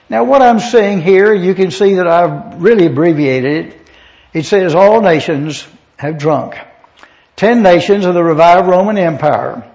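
A man teaching a verse-by-verse Bible lesson, reading Scripture aloud and explaining Greek words in a measured way. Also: on the high side, a little mellow. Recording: dull lo-fi recording.

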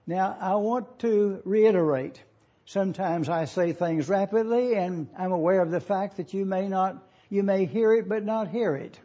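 An older pastor in his sixties delivers a teaching sermon in a church auditorium. His voice sits high yet sounds mellow and a little husky. He explains each point carefully, like a teacher, and the recording is dull and lo-fi. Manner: deliberate, teacherly, pausing to spell out words. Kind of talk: expository sermon.

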